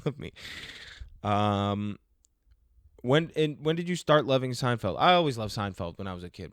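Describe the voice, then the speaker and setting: A man's voice: fairly low pitch, no echo, studio quality. A man hosting a podcast alone, answering listener questions in a joking, rambling, self-mocking way. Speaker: podcast host. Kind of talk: casual solo Q&A.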